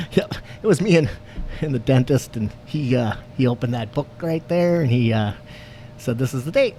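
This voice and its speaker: A man co-hosting a podcast, telling a story in casual chat, animated, swearing and laughing as he goes. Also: medium pitch, moderate pace, a little hiss or hum. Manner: animated, profane, laughs through his story. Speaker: podcast co-host.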